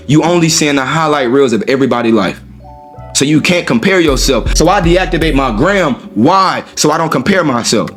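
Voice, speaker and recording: A man with a somewhat high voice talks through a casual motivational monologue, heavy with street slang and profanity. He keeps checking in with the listener as he goes. Faint music plays underneath. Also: fairly bright tone. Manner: profane, street slang, repeats "you know what I'm saying". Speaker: host.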